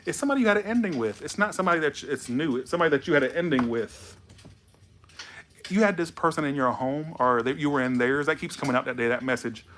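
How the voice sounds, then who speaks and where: A man's voice: fairly high pitch, fast talker, a bit bright, a little hiss or hum. A tipsy man doing a loose, rambling, playful tarot reading. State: tipsy from alcohol. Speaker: tarot reader.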